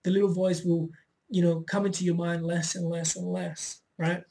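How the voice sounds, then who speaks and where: A man's voice: high-pitched, flat delivery, normal speed, vocal fry, mellow. A man giving a casual motivational talk to camera as a self-help vlogger, often checking in with "right?" and speaking loosely. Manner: loose and unpolished, with frequent fillers and restarts.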